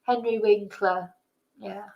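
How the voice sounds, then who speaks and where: Slow-talking chatty woman host. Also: mid-range voice, fairly even intonation, highs cut off, background noise. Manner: chatty, laughing, thinking aloud. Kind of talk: casual live-stream quiz chat.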